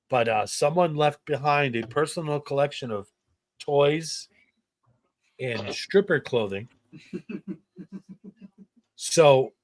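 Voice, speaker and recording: With no room sound on the recording, a medium-pitched man co-hosts a podcast and tells a work story in casual conversation. He's an animated storyteller who acts out the voices of the people he quotes.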